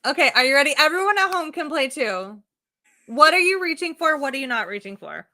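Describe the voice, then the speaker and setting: A young woman with a high, bright voice chats casually as she hosts a sewing stream. She is giggly and playful and sprinkles "like" through her talk. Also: very animated, brisk. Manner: giggly, playful, says "like" often. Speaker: host. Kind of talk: casual chat while sewing.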